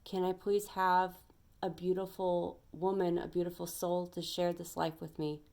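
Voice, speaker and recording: A woman's voice: lowish voice, level tone, a little slow, creaky, a little mellow. A woman voicing a downtrodden man in a parable who doubts he deserves anything good. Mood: amazed.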